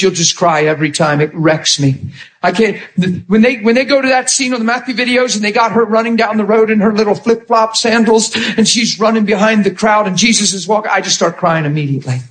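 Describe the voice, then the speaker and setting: A man preaching a sermon with impassioned storytelling, acting out scenes and often shouting. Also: high-pitched.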